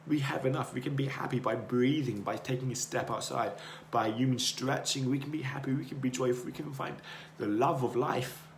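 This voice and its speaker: A man hosting a podcast, giving an earnest, rambling motivational monologue that repeats itself as he circles his points. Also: medium pitch. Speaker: podcast host. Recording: roomy echo, faint noise.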